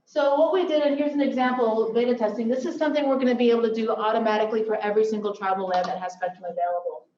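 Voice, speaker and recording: A woman's voice: fairly high pitch, steady tone, very fast, few pauses, a little mellow. A woman giving an upbeat conference presentation with joking asides. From Silicon Valley. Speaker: workshop presenter. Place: lecture hall. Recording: echoey hall from far off, dull.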